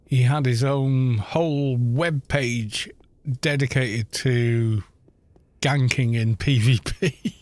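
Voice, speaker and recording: A man's voice: medium pitch, a little mellow, no echo. A middle-aged British man chatting casually while streaming a game, rambling through anecdotes and swearing now and then. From Britain. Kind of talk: casual chat while gaming.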